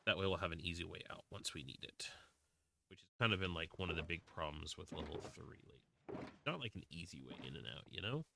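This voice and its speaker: Deep, creaky and fast, the voice of this Southern-drawling streamer is pushed and bright, with lively intonation. He chats casually while gaming, rambling, restarting often and reading comments aloud, over a little hiss or hum.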